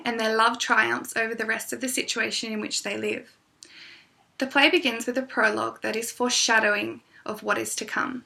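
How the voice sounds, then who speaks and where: A woman teacher giving a scripted classroom lesson, reading in a clear, measured way and reciting verse. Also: on the high side, sharp tone.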